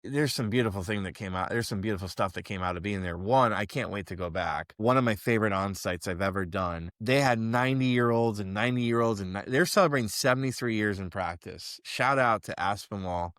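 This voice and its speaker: A man's voice: on the low side, brisk, few pauses, a bit bright, no echo, clean studio sound. A man co-hosting a podcast about chiropractic, telling rambling stories with lots of swearing in casual chat. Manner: crude, rambling storyteller who swears freely.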